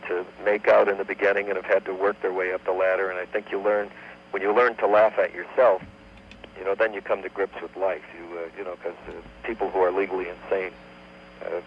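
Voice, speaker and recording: A low-voiced man spins a long, unhurried joke as a radio guest, sometimes humming a few notes of the tune. The sound is dull and lo-fi, as on an old AM broadcast, with a faint hum underneath. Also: level tone. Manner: unhurried joke-telling with sung bits. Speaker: comedian guest. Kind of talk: radio talk show storytelling.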